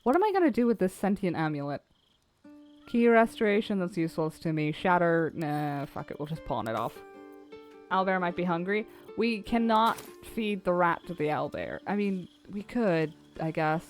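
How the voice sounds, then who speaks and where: A woman's voice: fairly low pitch, expressive, normal speed. A woman streaming a video game, chatting casually, swearing and laughing easily. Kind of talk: casual gameplay commentary. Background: faint game music.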